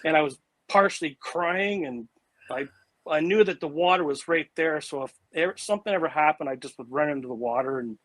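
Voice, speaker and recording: Animated man telling a story, slightly high. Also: a little fast, no room sound, low-quality recording. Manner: animated and vivid, with frequent "like" and "you know" fillers and restarts. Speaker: interview guest recounting an encounter. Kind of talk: casual spoken storytelling.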